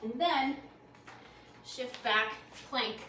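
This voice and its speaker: Playful woman yoga teacher calling out poses, kinda breathy from moving, echoey room, mic far off w/ faint background noise. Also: a little high, very slow, pushed and bright. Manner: upbeat, encouraging, playful. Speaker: yoga instructor. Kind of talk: guided yoga class cues. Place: library program room.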